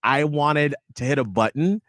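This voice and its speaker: A man's voice: on the high side, fairly bright tone, no echo. Man co-hosting in casual chat. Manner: reactive, quick interjections and laughs. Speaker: radio show co-host.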